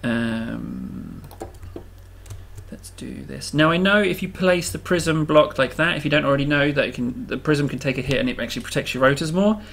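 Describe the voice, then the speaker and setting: A man's voice: mid-range voice, moderate pace, creaky, fairly bright tone, a little hiss or hum. A man hosting a game video, giving casual, self-amused commentary and thinking aloud as he builds.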